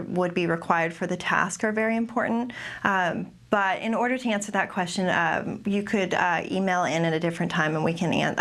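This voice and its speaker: A young adult woman, a behavior analyst, gives a webinar talk and answers questions, with many pauses and restarts. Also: mid-range voice, a bit bright. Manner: careful, with frequent ums and restarts. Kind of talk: webinar presentation with Q&A.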